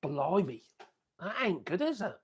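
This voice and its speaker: A man's voice: sits high, sing-song, unhurried, slightly rough. An older man, hosting a casual political commentary livestream and rambling chattily with asides. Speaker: livestream host.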